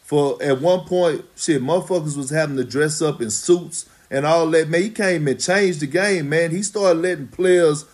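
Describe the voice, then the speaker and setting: In a loose, casual podcast chat, a retired basketball player talks slowly and emphatically with blunt, profane phrasing. His voice sits a little high for a man and sounds a little mellow.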